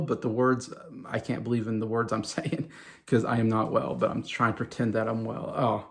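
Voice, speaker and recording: A man's voice: medium pitch, level tone, moderate pace. A man around forty talking casually to camera as a music vlogger, enthusiastic and rambling, with lots of fillers and restarts.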